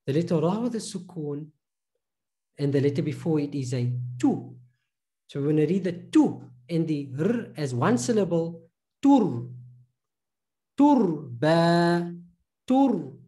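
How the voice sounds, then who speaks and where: Slow, patient male reading teacher. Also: on the high side, warm tone. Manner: patient, drills syllables with many slow repetitions. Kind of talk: recorded pronunciation lesson.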